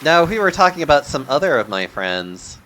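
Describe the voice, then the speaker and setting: A man's voice: fairly high pitch, sing-song, a little fast, a bit bright, a little hiss or hum. A man streaming a game and chatting casually with friends, rambling and laughing often. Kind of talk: casual chat while gaming.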